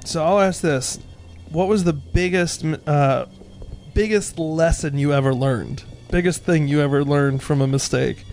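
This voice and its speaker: A man with a slightly high voice hosts a casual movie commentary. He cracks jokes about the film and interviews his guest, while faint music plays behind him. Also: unhurried, darkish tone. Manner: wisecracking, asks guest questions. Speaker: commentary host.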